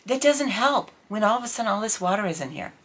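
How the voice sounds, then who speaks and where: A middle-aged woman talking candidly to camera in a casual vlog, telling an indignant, animated story about her life. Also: mid-range voice, quick pace. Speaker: vlogger.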